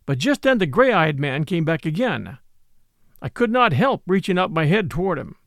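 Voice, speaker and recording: A man reading a classic novel aloud as an audiobook, in a gentle storytelling manner. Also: on the high side, sing-song, normal speed, dry recording, studio quality. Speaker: audiobook narrator. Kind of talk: scripted narration of a classic novel.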